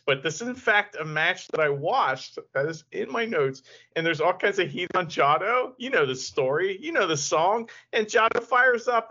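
A man co-hosts a wrestling podcast, talking in a bright, tense voice that jumps all over its range. He laughs easily and throws in mock-serious asides. The recording is muffled and lo-fi. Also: sits high. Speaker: podcast co-host. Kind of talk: casual chat reviewing wrestling. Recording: dull lo-fi podcast audio.

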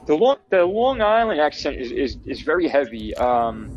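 A man's voice: on the high side, sing-song, normal speed, muffled recording, a little hiss or hum. A man with a New Jersey accent chatting casually on a podcast, rambling and full of fillers. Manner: rambling, filler-heavy, easygoing. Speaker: podcast host. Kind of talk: casual chat.

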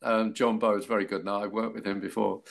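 An older man from London, an actor guest in an interview, telling stories in a halting way with many fillers and restarts. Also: on the low side, level tone, vocal fry. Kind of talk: casual interview chat.

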